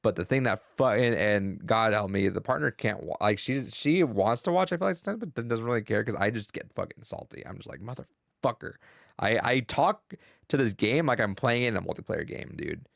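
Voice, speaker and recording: A young man co-hosting a podcast, talking about a video game in a rambling, excitable, profane way. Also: lowish voice, fairly quick, creaky, dry recording, clean studio sound. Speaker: podcast co-host. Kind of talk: casual gaming chat.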